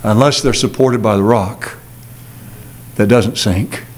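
A man preaching a sermon as a pastor, earnest, moving between quick asides and slow, emphatic phrases. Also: fairly low pitch, slight background noise. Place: church sanctuary.

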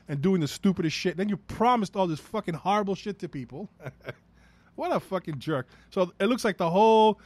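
A man's voice: high-pitched, no echo. A man with a New York accent ranting through a solo podcast episode, profane and rambling, talking in a heated way. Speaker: podcast host.

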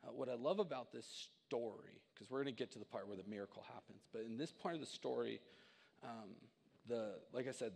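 A man in his thirties preaching a sermon, telling personal stories with animated swings from loud to quiet. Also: medium pitch, creaky, slightly rough. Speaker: pastor. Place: church sanctuary. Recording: reverberant church hall.

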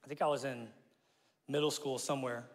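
A male pastor from Omaha preaching a sermon. He tells stories with self-mocking jokes and laughter, and he acts out quotes with sudden shouts. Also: medium pitch, steady tone, brisk. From Omaha, Nebraska, USA. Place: church sanctuary. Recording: long reverb of a large hall.

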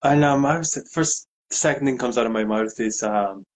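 A man's voice: mid-range voice, fairly quick. A man in a casual interview, telling a story with lots of fillers and acted-out quotes. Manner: animated anecdote, acts out quotes. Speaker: guest DJ.

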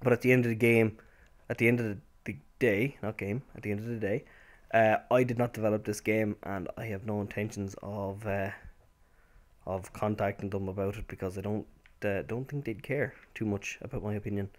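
A young man giving casual, rambling commentary over a football video game, with sudden excited outbursts. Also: on the low side, a little fast. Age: young adult. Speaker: gameplay commentator.

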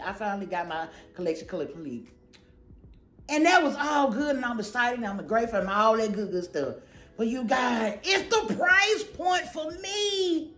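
A woman's voice: on the high side, expressive, normal speed, fairly bright tone, reverberant, faint music behind. A woman hosting her own channel, chatting casually and goofily to camera about a shopping haul, rambling with lots of slang. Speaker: channel host.

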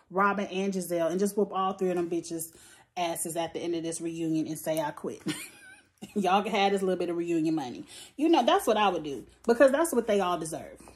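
A woman's voice: lowish voice, moderate pace. Blunt, profane woman vlogger. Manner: blunt, profane, animated storytelling. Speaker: reality TV recap vlogger. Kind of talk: casual opinionated commentary.

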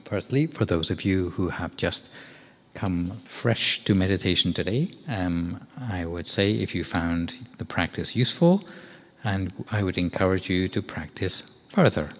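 A man, a monk, giving a Dhamma talk in a meditation hall, telling a story in a measured, gentle way with a few fillers. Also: low voice. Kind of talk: storytelling sermon.

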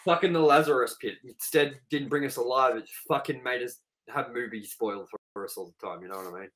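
A man's voice: medium pitch, fairly quick, a bit bright. An Australian man co-hosting a podcast, ranting in a heated, profane casual chat. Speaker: podcast co-host.

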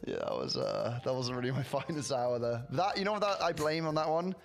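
Laughing Englishman, animated voice. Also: medium pitch, a little fast, vocal fry, soft background music. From England. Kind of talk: casual gaming chat.

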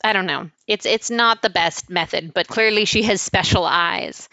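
A woman co-hosting a podcast in casual chat, animated and laughing often, saying "like" a lot. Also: medium pitch, moderate pace, no room sound, low-quality recording. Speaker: podcast co-host.

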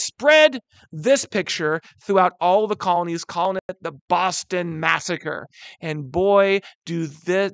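A man teaching a history lesson in an animated way, who keeps calling his listeners "guys" and briefly acts out quotes. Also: high-pitched, dry recording. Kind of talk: recorded history lecture.

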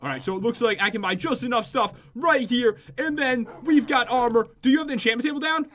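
A young man co-hosting a gaming video, chatting casually and joking quickly as he plays. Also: very high voice, a bit bright. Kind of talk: casual gameplay chat.

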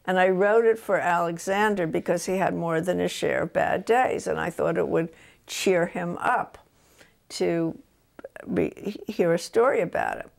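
An older woman author from New Jersey, telling stories about her books in a relaxed interview at home. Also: lowish voice, a little slow, gravelly. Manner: animated anecdotes, voices quotes of her son.

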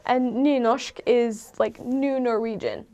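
A woman's voice: fairly high pitch, steady tone, takes it slowly, dark tone, muffled recording. A woman in a casual, meandering chat who explains things with many ums and loose asides. She is an outsider to the country she describes. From not from Norway. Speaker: vlogger explaining dialects.

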